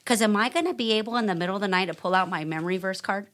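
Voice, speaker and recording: Expressive middle-aged woman co-host. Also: medium pitch, racing. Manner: expressive, emphatic, laughs often. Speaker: podcast co-host. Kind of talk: casual faith podcast chat.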